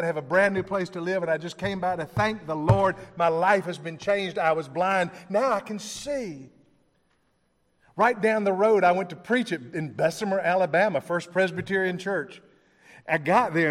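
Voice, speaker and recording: A man's voice: high voice, moderate pace, long reverb tail. A man preaching a sermon, telling stories with acted-out dialogue and chuckling along the way.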